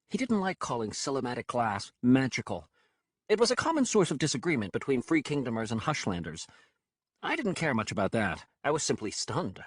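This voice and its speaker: A man narrating an audiobook in an expressive, wry storytelling manner. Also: mid-range voice, breathy edge, no room sound, studio quality. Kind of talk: scripted narration.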